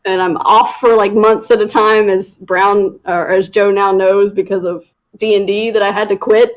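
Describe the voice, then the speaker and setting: A woman's voice: medium pitch, flat delivery, normal speed. A woman guest in a casual livestream chat, talking chattily with many fillers and giggles.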